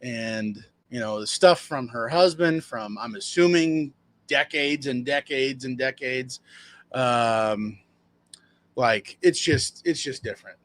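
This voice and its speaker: Speaking slowly with a fairly bright tone, a dumpster rental business owner rambles casually through a story about a customer. He performs people's quoted lines in a higher voice, keeping it loose and conversational.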